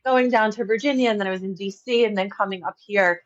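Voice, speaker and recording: A woman's voice: medium pitch, fast talker, lo-fi sound. A woman from Long Island with a faint New York accent, chatting as a podcast guest, laughing often and saying "like" a lot. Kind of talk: casual interview chat.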